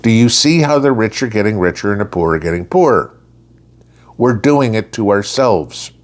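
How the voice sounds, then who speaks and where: A middle-aged man talks straight at the listener in a casual monologue. His voice sits fairly low, and he lectures bluntly with a sarcastic edge. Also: animated, moderate pace. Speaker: prepper channel host.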